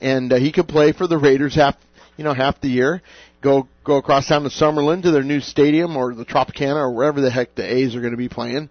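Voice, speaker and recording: A man's voice: mid-range voice, fairly even intonation, fast, no room sound. A man hosting a radio talk show, casual and joking, chatting and reading sponsor mentions. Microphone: studio microphone. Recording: dull lo-fi radio audio.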